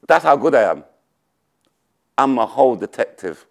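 A man doing loud, teasing comic banter on a dating show, swinging between shouts and mutters. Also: medium pitch, expressive, measured pace, creaky, long pauses. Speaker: comedian dating show contestant.

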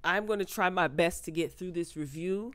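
A woman who recaps reality TV in an animated, laughing way, acting out quotes. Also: on the low side, normal speed, no room sound. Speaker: TV recap vlogger. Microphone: close microphone.

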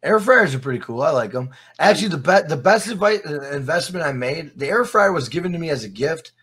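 A man's voice: a little high, expressive, brisk, a bit bright, slightly rough. A man guest on a podcast, chatting casually and swearing often, laughing through his stories. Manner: profane, laughing storyteller. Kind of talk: casual chat.

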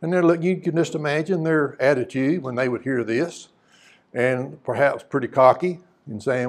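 A man preaches a sermon in a mid-range voice at normal speed, reading scripture aloud in old-fashioned wording. He mixes those readings with folksy, conversational questions to the congregation.

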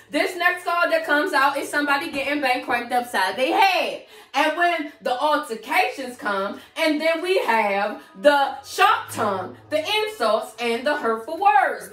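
A woman with a high, fairly bright voice gives a casual tarot reading, sassy and slangy, calling her viewer "girl" like a close friend. She sits back from the mic, and her voice echoes around a roomy space.

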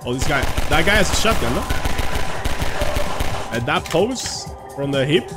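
An excitable man streams a shooter game live, chattering in casual commentary and swearing freely. Game music plays loudly behind him. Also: fairly high pitch, unhurried. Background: game music and gunfire.

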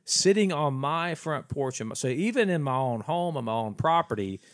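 A man on a casual podcast, telling a story about his family in an animated way. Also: fairly high pitch, moderate pace, no echo, clean studio sound. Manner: animated anecdote teller. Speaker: podcast co-host. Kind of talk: casual chat.

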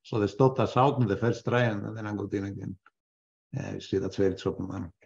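A man's voice: on the low side, flat delivery, a little fast, gravelly, darkish tone. A man hosting a live trading webinar, thinking aloud as he trades, often restarting his sentences and tossing in joking asides. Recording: dull lo-fi webinar audio.

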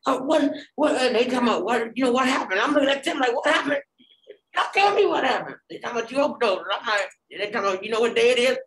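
A woman giving an animated personal testimony in a group, acting out the dialogue with many fillers. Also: fairly high pitch, racing, few pauses. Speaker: Bible study participant. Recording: echoey room.

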